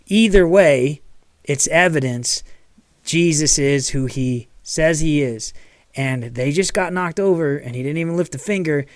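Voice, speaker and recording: A man's voice: a little high, measured pace, dry recording. A man preaching a sermon as pastor in a casual, conversational way, checking in with "okay" and acting out quotes. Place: church.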